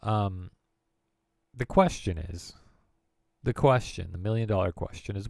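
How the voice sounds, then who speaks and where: A man's voice: sits low, unhurried, creaky, darkish tone, no echo, clean studio sound. A man streaming from his computer at home, chatting casually and rambling into jokes and word games. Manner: rambling and jokey, riffing on words. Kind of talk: casual live-stream chat.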